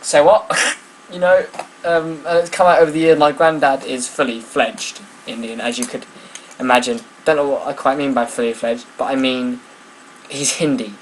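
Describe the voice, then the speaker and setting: Brief: young male vlogger, mid-pitched, rambling chat, faint background noise. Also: moderate pace, low-quality recording. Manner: rambling, self-mocking, lots of ums. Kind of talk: casual vlog chat.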